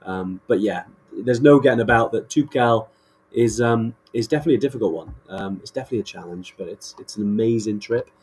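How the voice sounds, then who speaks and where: A man's voice: on the low side, quick pace, hardly any pauses, darkish tone, husky. A man co-hosting a podcast in casual chat, enthusiastic and rambling with many restarts. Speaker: podcast co-host.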